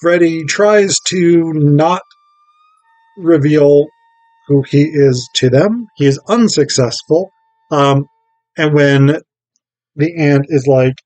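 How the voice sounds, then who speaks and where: A man talks through a film plot at an unhurried, drawn-out pace, filling his pauses with ums and uhs. His delivery is wry and loose. The recording is dry and close, with no room echo. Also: fairly high pitch, darkish tone. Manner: rambling, filler-heavy, wry. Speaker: film reviewer. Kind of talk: casual film summary.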